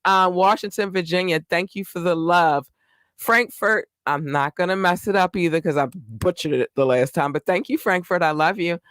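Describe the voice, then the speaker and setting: A man from Baltimore hosting his own podcast, talking in a chatty, rambling and effusive way with bursts of excitement. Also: high voice, normal speed, no room sound, studio quality. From Baltimore, Maryland. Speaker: podcast host. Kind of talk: casual solo podcast monologue.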